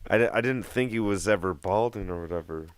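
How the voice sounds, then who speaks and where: Jokey musician guest, low smooth voice. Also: male voice, quick pace, no room sound. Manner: jokey, rambling, slips into joke accents. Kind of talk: casual interview chat.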